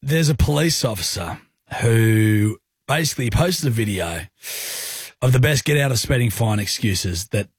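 A man co-hosting drive-time radio, cheeky and quick to laugh as he reads out listener stories. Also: mid-range voice, expressive, husky, no echo. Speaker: radio co-host. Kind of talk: breakfast radio banter. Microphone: studio microphone.

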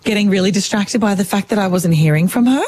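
A young woman co-hosting a radio podcast, telling a story in animated, casual chat. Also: mid-range voice, quick pace, slight background noise. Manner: animated, swearing, self-interrupting.

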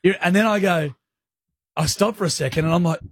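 Husky laid-back Australian male radio host. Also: sits high, a little fast, no echo, studio quality. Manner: laid-back, storytelling, teasing. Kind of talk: casual on-air banter.

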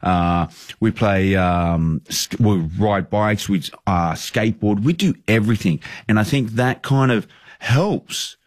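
Brief: Australian football manager around 30, low voice, close dry sound, earnest rambler. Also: male voice, takes it slowly, no echo. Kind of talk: casual podcast interview.

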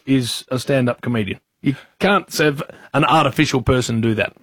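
A man's voice: mid-range voice, normal speed, a bit bright, husky, no echo, studio quality. A man, hosting a radio chat with jovial, laughing banter. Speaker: radio host.

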